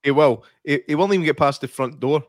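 A man's voice: on the high side, fast talker, no echo, clean studio sound. A man with a son, chatting casually while watching a film, laughing at his own stories and swearing freely. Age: adult with a child. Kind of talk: casual reaction chat.

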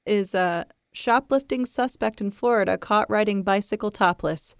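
A woman's voice: medium pitch, clean tone, no echo. Giggly woman reading news, dry sound. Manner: giggly, quick to laugh. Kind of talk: casual chat, reading a news story.

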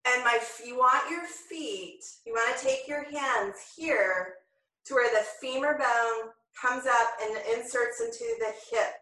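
A woman teaching a yoga class, calmly and slowly cueing each breath and movement. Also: fairly high pitch. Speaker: yoga instructor. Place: home room, filmed on own camera. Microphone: camera mic at a distance. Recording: very echoey room, voice far from the mic.

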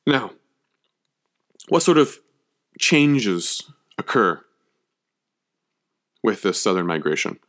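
A man's voice: lowish voice, sing-song, slow pace, long pauses, a bit bright. Man lecturing with emphatic asides. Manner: emphatic, checks in with frequent "okay?". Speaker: history lecturer.

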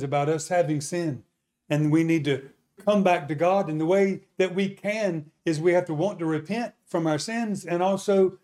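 A high-pitched man preaches, telling a testimony story. He is an animated storyteller who poses questions to his listeners.

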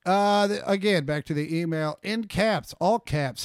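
A man with a fairly high voice co-hosts a podcast, joking loosely and cursing freely as he reads out fan mail. His voice is close and dry with no room around it. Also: unhurried, smooth, no echo. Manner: jokey, loose and profane, reading listener mail aloud. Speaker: podcast co-host. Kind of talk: casual podcast chat.

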